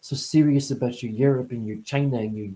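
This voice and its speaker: Taking the part of a spiritual teacher, a man delivers a loose, foul-mouthed, rambling monologue, playfully voicing other characters. His medium-pitched voice is warm and steady, moving a little fast.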